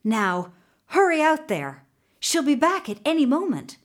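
A woman voicing a wise, calm white horse who gives steady instructions in a storybook reading. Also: high-pitched, measured pace, voice pushed up. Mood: commanding.

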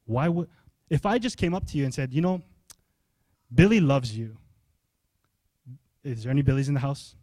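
High-voiced pastor preaching conversationally. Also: male voice, fast talker, no room sound, clean studio sound. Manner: conversational, animated, asks the congregation questions. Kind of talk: sermon.

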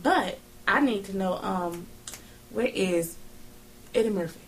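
A woman co-hosting a casual chat show, joking around with loud laughs and playful bits. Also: mid-range voice, expressive, slow pace, slight background noise. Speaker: co-host. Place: studio.

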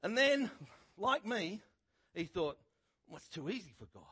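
A middle-aged man preaching a sermon, telling a Bible story in a conversational, animated way with a husky voice. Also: sits high, measured pace, pauses often. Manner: animated storytelling, acting out quotes loudly.

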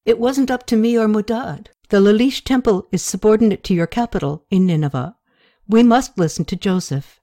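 A woman's voice: mid-range voice, normal speed, warm tone, voice pushed up, natural voice. A woman reading a formal, devoted attendant. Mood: worried. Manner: formal, deferential speech. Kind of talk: audiobook character reading.

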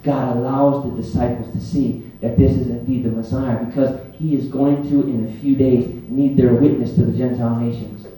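Warm dark-voiced guy preaching, animated storytelling, mic a bit far off, roomy church. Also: medium pitch, normal speed, few pauses. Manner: lively storytelling, acts out scenes. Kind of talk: sermon. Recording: echoey hall, distant mic, faint music.

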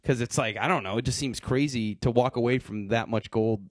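A man's voice: medium pitch, brisk, dry recording, studio quality. A man co-hosting a casual podcast chat, rambling and joking with plenty of fillers. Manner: rambling, jokey, lots of fillers. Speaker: podcast co-host.

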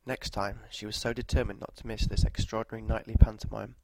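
A man narrating a scripted story in a measured, even delivery, with walking directions at the end. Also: lowish voice, noisy background.

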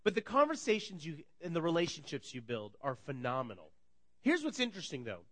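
Male pastor, 30s, high animated storyteller, bright voice, acts out dialogue. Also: a little fast. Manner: energetic storytelling, acts out dialogue, laughs often. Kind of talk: sermon.

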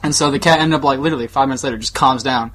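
A man's voice: mid-range voice, rapid-fire, a bit bright, a little hiss or hum. A young man co-hosting a podcast, telling a long crude story in a rambling way, laughing along with himself. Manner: rambling, crude, laughs through his own stories. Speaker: podcast co-host. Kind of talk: casual storytelling chat.

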